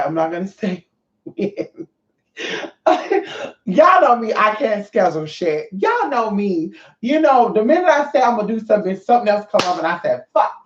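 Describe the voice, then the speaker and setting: A woman vlogger talking to her viewers in a brash, profane, rambling rant. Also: medium pitch. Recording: roomy, dull lo-fi sound.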